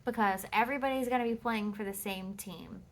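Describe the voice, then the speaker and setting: A woman's voice: medium pitch, fairly quick. A woman giving a casual tarot reading at home, blunt and emphatic, swearing freely as she reads out card texts. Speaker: tarot reader.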